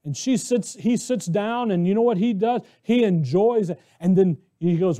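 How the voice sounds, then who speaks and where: An American man preaching a conversational, animated sermon who acts out the voices of biblical characters. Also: high-pitched, moderate pace, hardly any pauses. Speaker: pastor.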